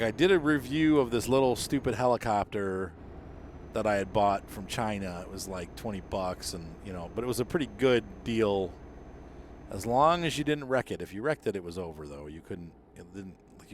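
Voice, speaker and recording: A middle-aged man with a fairly low voice, talking loosely as he plays. He wanders through his story, correcting himself and trailing off. A faint hum sits behind him. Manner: meandering, lots of fillers and self-corrections. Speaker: gaming channel host. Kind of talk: casual rambling monologue while gaming.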